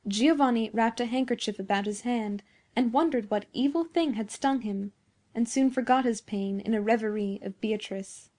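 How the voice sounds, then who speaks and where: A woman narrating a classic story in a measured, expressive reading. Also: a little high. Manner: measured, expressive reading of old-fashioned prose. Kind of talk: scripted narration.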